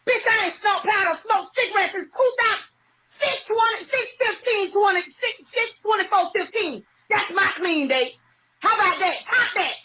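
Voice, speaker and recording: A middle-aged woman in a heated, profane live-stream rant, often shouting. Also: very high voice, moderate pace, slight background noise. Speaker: livestreamer.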